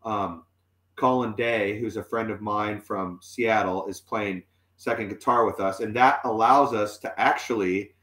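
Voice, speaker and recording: A man's voice: fairly low pitch, steady tone, measured pace, a bit bright. A man in his forties, a musician guest telling a long story in casual chat, full of fillers and restarts. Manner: rambling, many fillers and restarts. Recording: roomy echoey sound.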